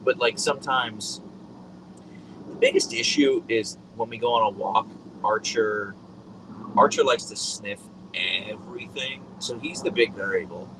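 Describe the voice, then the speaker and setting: A man with a lowish voice hosts a relaxed live stream, speaking into a boom mic. He rambles in a friendly, easygoing way, full of ums and likes. A faint hum sits behind him. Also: unhurried. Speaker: livestream host. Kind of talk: casual live-stream chat.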